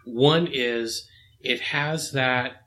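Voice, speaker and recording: A man co-hosting a podcast in casual chat, relaxed and given to dry jokes. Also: mid-range voice, drawn-out words. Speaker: podcast co-host.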